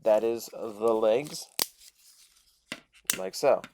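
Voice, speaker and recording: A man's voice: on the low side, expressive, very slow, noisy background. A man casually reviewing a toy, chatting and thinking aloud as he transforms it step by step.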